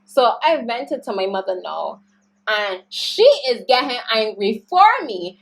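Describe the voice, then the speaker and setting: A young woman telling a storytime vlog story, animated and slangy as she vents. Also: medium pitch, normal speed. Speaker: YouTuber.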